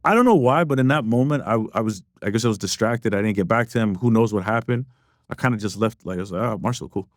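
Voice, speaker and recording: A man hosting a casual podcast chat, an artist manager who tells animated stories and swears freely. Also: fairly low pitch, fast, dry recording, studio quality.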